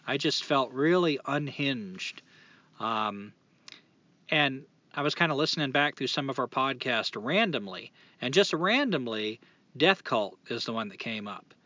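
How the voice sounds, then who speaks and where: A man's voice: mid-range voice, animated, unhurried, bright, forceful tone, dry recording. A man co-hosting a podcast, reading a reflective passage and then talking casually and thoughtfully, with fillers and restarts. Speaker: podcast co-host. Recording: dull lo-fi sound.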